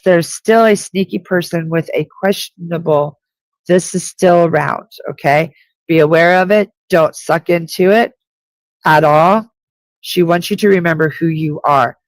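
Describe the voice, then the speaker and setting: Giving intuitive readings on a live stream, this psychic speaks directly and reassuringly, going back over her main points. Her voice is fairly low and carries no echo.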